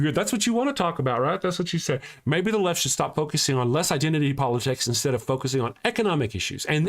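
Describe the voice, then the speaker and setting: A man hosting a live-streamed talk show, ranting heatedly and answering chat comments aloud from home. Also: fairly high pitch.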